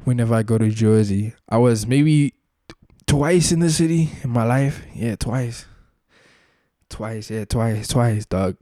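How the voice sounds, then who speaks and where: A young man hosts his podcast alone, rambling through casual stories in loose street slang. His voice sits in a middle pitch. The recording is dry, with no room echo. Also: animated, unhurried, mellow. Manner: slangy, laid-back storytelling with frequent filler tags. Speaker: podcast host. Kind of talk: casual solo podcast chat.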